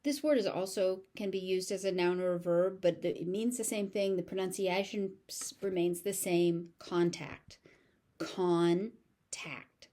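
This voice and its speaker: A woman with an American accent teaching pronunciation, saying each word several times in a slow, careful drill. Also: fairly low pitch, steady tone, warm tone. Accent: General American. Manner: repeats each word slowly, syllable by syllable.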